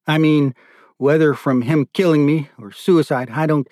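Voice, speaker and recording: A man's voice: fairly high pitch, steady tone, moderate pace, a little mellow, no echo, clean studio sound, natural voice. A man voicing a tormented adult man who pours out his ordeal in raw, profane bursts. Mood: anguished. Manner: raw, profane, bitter outpouring.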